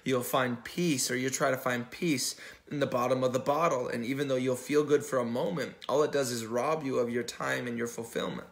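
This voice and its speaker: Conversational preaching man, middle pitch. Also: fairly even intonation, brisk. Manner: conversational preaching with restarts and self-corrections; acts out the dialogue from the story. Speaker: pastor. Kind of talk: sermon.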